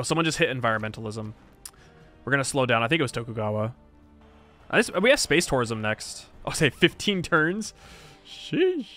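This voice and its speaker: A man's voice: mid-range voice, bright, forceful tone. A man casually commenting on his own strategy game as he plays, chatting wryly to himself and to the characters in the game. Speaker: streamer. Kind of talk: live gameplay commentary.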